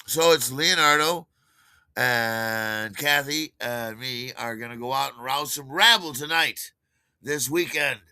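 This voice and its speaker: A man's voice: mid-range voice, bright, forceful tone, clean tone, no room sound. An older man telling a rambling personal story, full of fillers, restarts and chuckles at his own tale. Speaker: podcast host.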